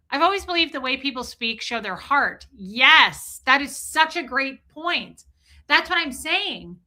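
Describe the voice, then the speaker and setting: A woman's voice: high voice, pushed and bright. A middle-aged woman from the Midwest chatting casually on a livestream, reading viewer comments aloud. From Nebraska, raised in Kansas City area. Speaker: livestream host reading chat. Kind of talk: casual live-stream chat.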